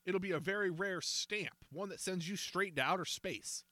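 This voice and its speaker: A man's voice: a little high, big pitch swings, a little fast, bright, forceful tone, dry recording, voice pushed up. A man voicing a boastful, hot-headed teenage boy runner who snarls threats, in a storybook reading. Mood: defiant.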